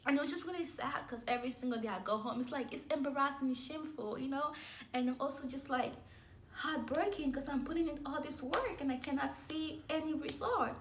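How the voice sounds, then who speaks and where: High-voiced young woman giving a candid testimony. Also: a little fast. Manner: candid and emotional, with light laughs. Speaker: speaker sharing a testimony. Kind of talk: personal faith testimony.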